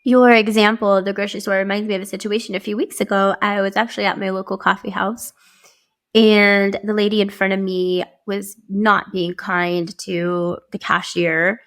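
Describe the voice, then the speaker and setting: Animated woman hosting a podcast. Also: mid-range voice, normal speed. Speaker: podcast host. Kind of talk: casual interview chat.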